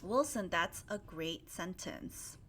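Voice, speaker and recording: A woman teaching English grammar in a live online lesson, reading out viewers' sentences and gently correcting them. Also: on the low side, animated, takes it slowly, a little hiss or hum. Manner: spells out endings letter by letter, stretches key words.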